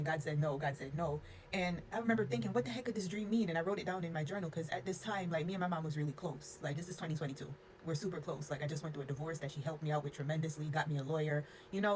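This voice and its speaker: Young woman, low voice, frank casual storytime, filler-heavy, faint background hiss. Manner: frank, unfiltered, sprinkles in "like" and cussing. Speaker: storyteller vlogger.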